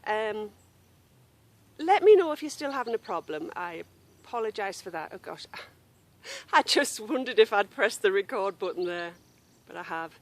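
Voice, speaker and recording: A woman's voice: mid-range voice, sing-song, normal speed. Chatty woman podcasting outdoors. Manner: chatty and apologetic, breaking off to call a wandering dog. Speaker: knitting podcast host. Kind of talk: casual chatty vlog. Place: outdoors in a grassy yard.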